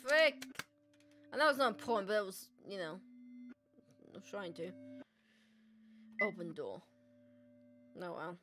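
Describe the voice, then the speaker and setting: This young woman's let's play mixes casual chatter, reactions, and character lines read out loud. Her lowish voice is animated, moving at a moderate pace with frequent pauses, and there's noise in the background.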